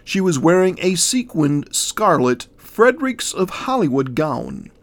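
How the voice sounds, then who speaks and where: A man narrating a detailed dream account in a measured, descriptive reading. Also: on the high side, sing-song.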